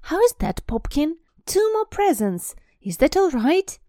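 Woman putting on a shrill doting mum, very high, loud, coaxing, anxious, storybook reading. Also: sing-song, unhurried, no echo, studio quality. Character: fussing doting middle-aged mother, anxious.

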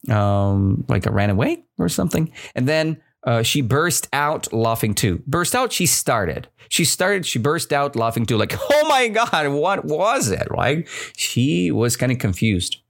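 A man's voice: medium pitch, lively intonation, unhurried, creaky, hardly any pauses. A man teaching English who walks learners through a story, often checking in with "right?". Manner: repeats words and checks in with "right?".

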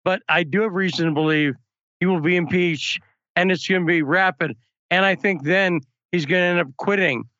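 A man's voice: sits high, moderate pace, sharp tone, dry recording, dull audio. A man hosting a political talk show, chatting casually and telling anecdotes. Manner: chatty, storytelling asides.

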